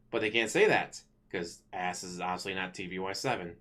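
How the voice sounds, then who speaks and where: A man vlogging in a casual, complaining rant, animated and swearing freely. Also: low voice, fairly quick. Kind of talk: casual ranting commentary.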